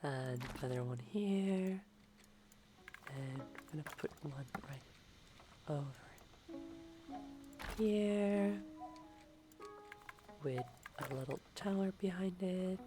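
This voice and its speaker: A young woman streamer talking softly in a murmuring ASMR voice as she plays a game. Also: lowish voice, over music. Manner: slow, murmuring and drawn-out, with sudden delighted exclamations.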